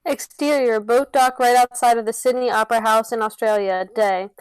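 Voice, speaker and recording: A woman acting as narrator reads stage directions for a comedy podcast script reading, giggling as she goes, on a close mic. Her voice is a little high, smooth, and steady at a moderate pace, on a dry recording with poor audio.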